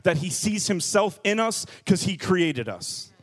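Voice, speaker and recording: A man preaching a sermon in a lively, joking and emphatic way, leaning hard on key words. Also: high voice, measured pace. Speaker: pastor.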